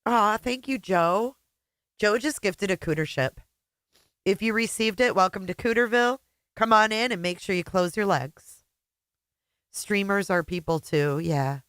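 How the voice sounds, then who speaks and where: A woman's voice: medium pitch, unhurried, fairly bright tone, smooth, dry recording. A middle-aged woman hosting a casual livestream chat, emotional and teary, greeting viewers by name. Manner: emotional, chatty, reading out viewer names. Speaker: livestream host.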